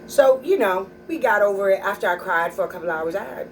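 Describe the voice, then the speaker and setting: A woman's voice: mid-range voice, expressive, brisk, distant mic, crowd noise, rough recording. A middle-aged woman comedian telling stories about her kids in a sassy, blunt, profane way. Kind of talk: stand-up storytelling.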